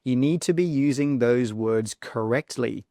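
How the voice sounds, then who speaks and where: A man teaching an English exam lesson, clearly explaining points and slowly modelling word pronunciation. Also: mid-range voice, mellow, no room sound, clean studio sound. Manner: clear, instructive, stresses words slowly when modelling pronunciation. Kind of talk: video lesson.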